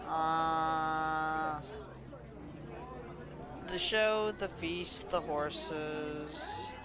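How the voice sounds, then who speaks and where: A man's voice: on the high side, very slow, music in the background, a crowd in the background. A man chatting casually on a stream, rambling and easygoing, swearing now and then.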